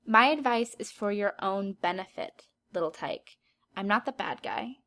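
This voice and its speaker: A woman's voice: medium pitch, lively intonation, a little slow, bright, forceful tone. A woman voicing a cruel, condescending teenage girl in a storybook reading, sneering as she talks. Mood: dismissive.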